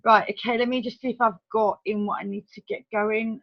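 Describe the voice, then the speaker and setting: A woman hosting a team training over a video call, talking in a brisk, chatty, organizing way. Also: mid-range voice, level tone. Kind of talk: casual online meeting talk. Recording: dull video-call audio.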